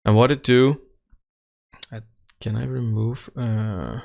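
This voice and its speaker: A man casually walking through his recording setup, halting often with fillers and restarts, speaking close into a desk microphone at home. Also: medium pitch, fairly even intonation, creaky, a little mellow. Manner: halting, many fillers and self-corrections. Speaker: tech channel host. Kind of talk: casual how-to walkthrough. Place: home room without sound treatment. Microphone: close desk microphone right at his face.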